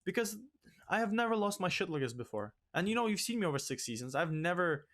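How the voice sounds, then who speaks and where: A young man hosting a let's play, ranting in exasperation and swinging loud and high when upset. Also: very animated, fast. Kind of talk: ranting game commentary.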